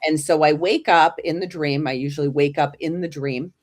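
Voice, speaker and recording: A woman's voice: sits low, normal speed. A woman guest in an interview telling a personal story in a casual way, with fillers and restarts, acting out the voices of the people in it. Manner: animated storyteller who acts out quoted voices.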